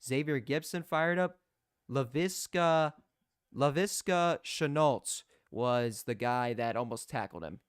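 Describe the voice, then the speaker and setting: A young man giving live play-by-play as a fan commentator, excitable and prone to restarting his sentences. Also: medium pitch, slow pace, clear, resonant tone, dry recording, clean studio sound. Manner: excitable, shouts in disbelief, repeats and restarts.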